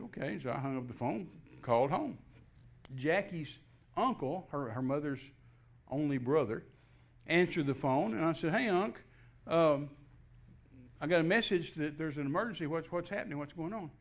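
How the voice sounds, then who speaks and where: An older man telling a personal testimony in a folksy way, acting out the dialogue as he goes. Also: a little high. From Texas. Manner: folksy, repetitive restarts, animated quoting of dialogue. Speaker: guest minister.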